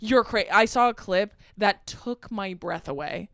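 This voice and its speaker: Animated young woman, smooth and dry. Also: mid-range voice, measured pace, no room sound. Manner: animated, swears a lot, acts out quotes. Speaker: podcast co-host. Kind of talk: casual chat.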